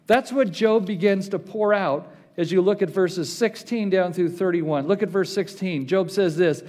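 A male pastor with a high, bright-toned voice delivers a sermon. He reads scripture aloud with building intensity and draws out key phrases slowly for weight.

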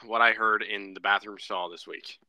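A young man co-hosting a podcast, telling a story in a lively, casual way and laughing often. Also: lowish voice, normal speed, dry recording. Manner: animated storyteller, laughs often, says bro. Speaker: podcast co-host. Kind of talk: casual chat.

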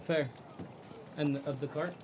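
A man playing a tabletop game, speaking in character in a polite, measured way. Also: a little high, fairly even intonation, darkish tone, slight background noise. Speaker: player.

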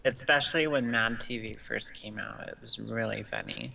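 A man's voice: fairly low pitch, fairly even intonation, moderate pace, vocal fry, distant mic, background noise. A man in casual chat, blunt and swearing, telling comedy stories.

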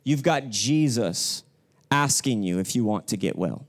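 In a church sanctuary, a young male pastor preaches a sermon in a relaxed, slangy way, getting the congregation to echo phrases back to him. His voice is lowish, unhurried and full of lively intonation.

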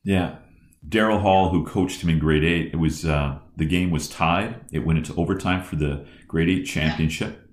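A man's voice: deep voice, normal speed. A man in his fifties, a podcast host and former football coach, telling stories in conversation with many restarts. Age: 50s. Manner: animated storyteller with many restarts. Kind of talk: conversational storytelling. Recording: roomy echo.

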